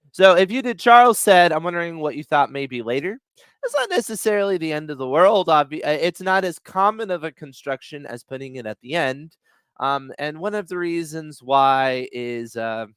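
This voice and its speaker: A man's voice: mid-range voice, a bit bright, clean tone, no room sound. A man explaining dialogue writing in a loose, conversational way, with many fillers and restarts, and he chuckles often. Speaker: writing instructor. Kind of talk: casual teaching talk.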